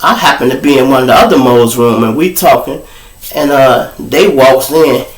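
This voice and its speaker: A man from Chicago with a Chicago accent, hosting his show and telling a story to viewers in a profane, animated way, loud one moment and hushed the next. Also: medium pitch, moderate pace. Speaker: show host. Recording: roomy echo.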